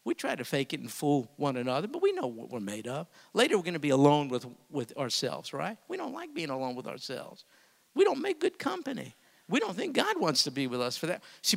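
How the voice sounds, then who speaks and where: A man preaching a sermon as pastor, swinging from hushed, intimate asides to booming emphasis. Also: creaky, in a large hall.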